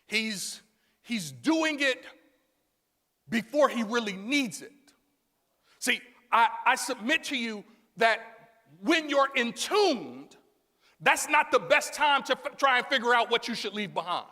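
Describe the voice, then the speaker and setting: High-voiced preacher man in echoey hall. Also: very animated, measured pace. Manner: call-and-response preaching, rising to shouts. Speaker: pastor. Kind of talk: sermon. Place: church sanctuary.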